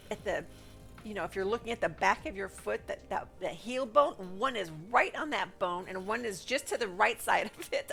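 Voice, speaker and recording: A woman's voice: medium pitch, gravelly, a bit bright. A woman game streamer chatting casually at home, rambling along with asides to her pet, her voice a little stuffed up from allergies. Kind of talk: casual chat while gaming.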